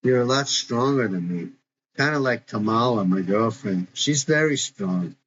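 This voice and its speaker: A man's voice: mid-range voice, animated, measured pace, fairly bright tone, slight background noise. A man voicing an earnest, worried young woman eager to help, who speaks insistently, in a dull lo-fi recording.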